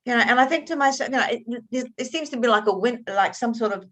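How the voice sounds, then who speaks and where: A woman author being interviewed, telling her stories in an animated, expressive way and often restarting her sentences. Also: on the high side, quick pace. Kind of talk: conversational interview.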